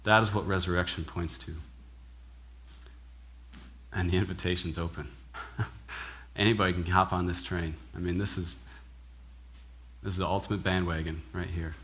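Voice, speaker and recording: Young male minister, slightly low voice, casual animated sermon style, keeps asking "right?". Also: normal speed, long pauses. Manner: casual and animated, acts out quoted dialogue, frequent "right?". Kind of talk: conversational sermon.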